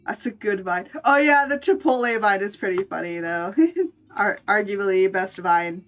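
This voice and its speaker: Bright-voiced woman in playful stream chat. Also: medium pitch, normal speed, highs cut off, faint music behind. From United States. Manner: playful, chatty, laughs often. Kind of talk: casual live-stream chat.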